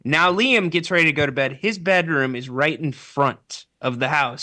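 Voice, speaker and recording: A man co-hosting a casual talk show, telling an anecdote with animated quoted voices and casual swearing. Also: fairly high pitch. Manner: animated storyteller who acts out the people he quotes, swears freely. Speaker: podcast co-host.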